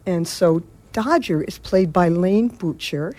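A woman theater director speaking in a radio interview, in a measured, thoughtful way with some fillers. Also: on the low side, a little mellow.

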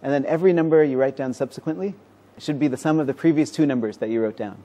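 Fast-talking man explaining like a teacher. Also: on the high side, warm tone. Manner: explanatory, teacherly, quick-paced. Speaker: mathematician and professor. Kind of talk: conversational interview.

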